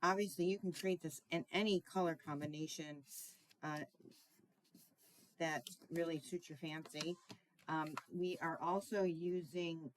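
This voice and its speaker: Middle-aged woman, lowish voice, casual craft tutorial host, chatty with ums. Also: steady tone, measured pace, slight background noise. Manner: chatty, searching for words, frequent ums and throat clearing. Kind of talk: casual card-making tutorial.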